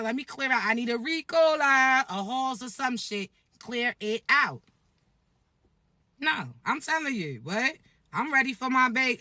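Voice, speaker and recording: High bright voice, woman doing a cussy playful energy reading vlog, dry close sound. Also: no echo. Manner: animated, profane and playful. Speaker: spiritual content creator.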